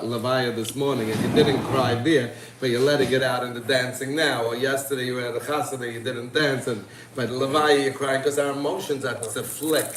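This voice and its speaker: Man musing in an echoey distant room. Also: mid-range voice. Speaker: participant in a group chat. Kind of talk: casual livestream conversation. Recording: echoey room, far from mic, noisy.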